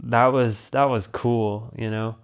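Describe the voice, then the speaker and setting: Gravelly, laid-back podcast host man. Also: medium pitch, steady tone, slow. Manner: laid-back, laughs easily, profane. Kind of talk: casual chat.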